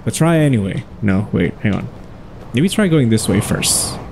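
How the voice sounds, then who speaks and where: A man's voice: on the low side, animated, moderate pace, vocal fry, a little mellow, slight background noise. A man hosting his own gaming videos, chatting casually and thinking aloud as he plays. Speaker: gaming channel host. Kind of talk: casual let's-play commentary.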